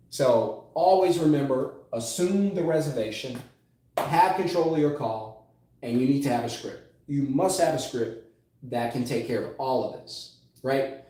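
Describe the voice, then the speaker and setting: With a warm, mid-range voice, this sales coach gives a motivational lesson, emphatically repeating his key phrases and stretching out words to stress them. The recording sounds echoey.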